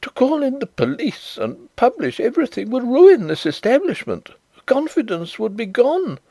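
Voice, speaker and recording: A man's voice: huge pitch swings, moderate pace, warm tone, dry recording, heavily acted. A man reading an audiobook, voicing a fretful male bank manager who stammers and frets. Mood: anxious. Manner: agitated, stammering, high-strung.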